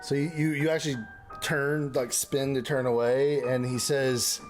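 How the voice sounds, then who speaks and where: A man runs a tabletop game as game master in a loose, chatty way, and his voice sits at an ordinary middle pitch. Faint music plays behind him. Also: level tone, moderate pace. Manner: loose and chatty, with fillers and restarts.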